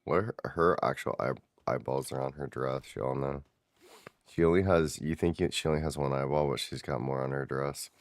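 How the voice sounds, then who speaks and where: A man's voice: rumbling low, a little fast, no echo. A man streaming a game, chatting casually with viewers and swearing offhand as he plays. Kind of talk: casual gameplay commentary.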